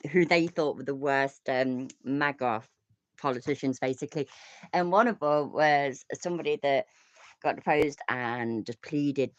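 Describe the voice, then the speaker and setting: Deep-voiced and recorded dry, a British woman hosts a live reaction stream, reacting to videos. Her casual commentary is chatty and sweary, full of laughing asides.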